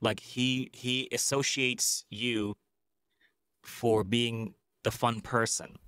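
Casual, earnest bahraini guy in his 30s, mid-pitched voice, tells stories with lots of life. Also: slow, clean tone, no echo. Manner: earnest, animated storyteller who acts out quotes. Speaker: esports MC and event host. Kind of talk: casual podcast interview.

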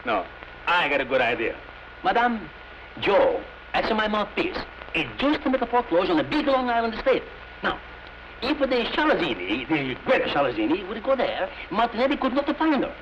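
A brash gang boss. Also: male voice, high-pitched, very animated, fairly bright tone, a little hiss or hum. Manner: fast, clipped, broken grammar. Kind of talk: 1930s comedy film acting. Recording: muffled 1930s film soundtrack with music.

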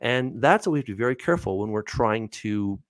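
A male Bible teacher talks through viewer questions in an animated, chatty way, and his pitch swings up and down a lot. He keeps checking in with "right?" and "all right". His voice sits in a dry, close space with no room echo. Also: fairly quick. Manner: explains by reading verses and asking questions. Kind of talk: casual Bible Q&A.

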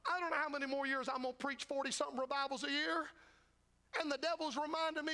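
In a church sanctuary, an older man preaches a revival sermon as a traveling evangelist, folksy and fervent, acting out the disciples' voices. His voice is extremely high, pushed and bright, and he speaks at a quick pace.

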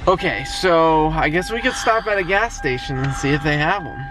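Lively-voiced easygoing man vlogging. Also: on the high side, normal speed, noisy background. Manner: easygoing, jokey, laughs often. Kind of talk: casual vlog chat.

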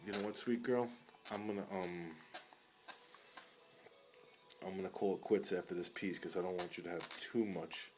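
Soft-spoken man coaxing his pet. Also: deep voice, steady tone, brisk, soft background music. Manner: tender, coaxing baby talk, drops to soft murmurs. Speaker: dog owner filming his sick pet. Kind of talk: casual home video talking to a dog. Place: at home indoors.

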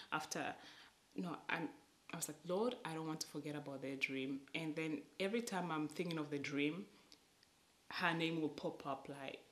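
A woman vlogger telling an emotional personal faith testimony, halting and sometimes dropping to a whisper. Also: low voice, reverberant.

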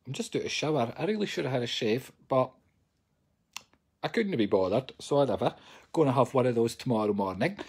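Speaking into a phone from his couch, a man who works as a psychic medium jokes around cheekily with his live-stream audience in casual chat. The voice is husky and mid-range, darkish in tone.

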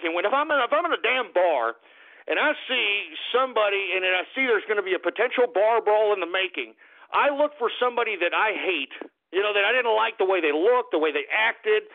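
A man's voice: high voice, animated, brisk. A man hosting a talk radio show with a brash, profane, swaggering rant, a bit tipsy from beer, heard over a tinny phone-like line.

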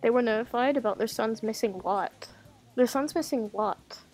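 A woman's voice: on the high side, normal speed, darkish tone. A woman giving sarcastic, casual commentary as she streams a video game, mocking what she reads on screen.

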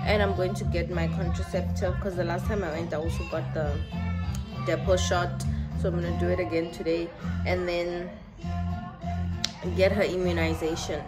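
A young woman, chatting casually to her phone camera for a vlog in a soft, rambling way full of fillers. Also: on the low side. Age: 20s. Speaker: mom vlogger. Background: background music.

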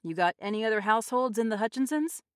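Woman as a formal village official man, brisk, louder than the narration. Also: on the high side, expressive, no echo, studio quality, pitched above the performer's own voice, natural voice.

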